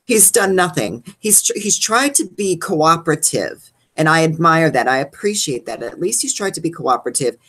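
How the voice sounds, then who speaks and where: A woman's voice: sing-song, moderate pace, hardly any pauses, a bit bright. Sassy profane woman ranting. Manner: sassy, profane, dramatic pitch jumps. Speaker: co-host of a reality show recap. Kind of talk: casual rant.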